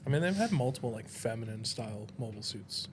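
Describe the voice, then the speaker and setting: A man's voice: mid-range voice, very animated, fast talker, a little hiss or hum. A man co-hosting a podcast in casual chat, speaking in a dry, matter-of-fact way with teasing asides. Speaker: podcast co-host.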